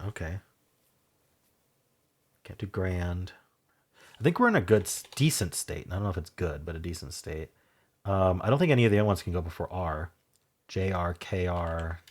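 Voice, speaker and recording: Deep, husky-voiced man musing over a puzzle. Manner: musing, spells out letters, trails off softly. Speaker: Wordle video host. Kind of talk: thinking aloud while solving a word puzzle.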